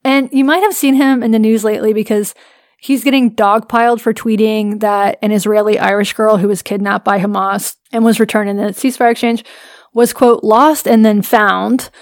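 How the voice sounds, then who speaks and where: A woman's voice: mid-range voice, steady tone, moderate pace, dry recording, clean studio sound. A woman co-hosting a podcast, recounting a story in a wry, casual way and laughing often. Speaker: podcast co-host. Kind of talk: casual chat.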